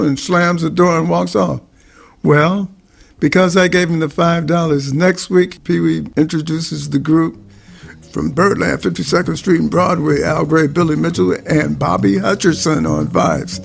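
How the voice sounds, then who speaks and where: Gravelly old man telling a story. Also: a little high, unhurried. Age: older. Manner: relaxed storytelling with fillers. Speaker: jazz musician. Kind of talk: interview anecdote.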